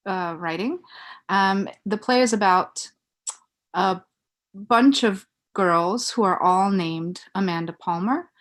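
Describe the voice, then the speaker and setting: A playwright woman introducing her monologue on stage, halting with many ums. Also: lowish voice, fairly bright tone.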